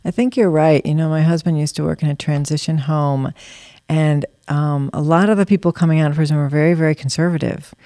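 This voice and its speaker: A man speaking as an interview guest, animated and affirming as he tells a story. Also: fairly high pitch, brisk, no echo, studio quality. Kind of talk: conversational interview.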